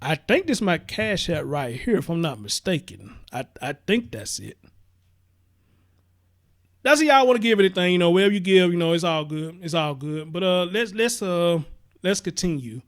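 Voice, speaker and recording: A man's voice: high-pitched, very animated, normal speed. A man hosting a live-stream commentary show, talking passionately and profanely and repeating himself as he reacts to viewer comments.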